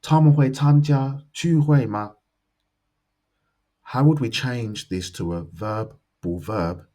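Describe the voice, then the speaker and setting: A man teaching a language lesson, explaining grammar step by step and slowly modeling example sentences. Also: fairly low pitch, a little mellow, husky.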